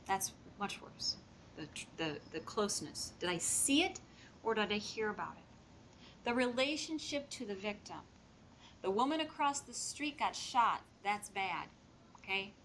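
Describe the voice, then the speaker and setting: A woman's voice: mid-range voice, bright, forceful tone, slight background noise, rough recording. A woman giving a lecture on childhood trauma to an audience, speaking plainly and emphatically with vivid examples. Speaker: child mental health trainer. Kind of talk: training lecture.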